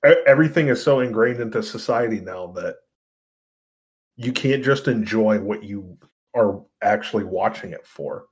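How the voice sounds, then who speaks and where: Male podcast co-host, lower voice, laid-back and resigned. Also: moderate pace. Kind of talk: casual podcast chat.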